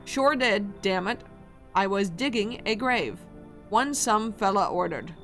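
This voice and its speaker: A woman voicing a weary male grave digger in a rough, folksy put-on British-sounding drawl, in a video game. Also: medium pitch, animated, a little slow, a bit bright, soft background music. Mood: spooked. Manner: rough folksy drawl, stumbling over words.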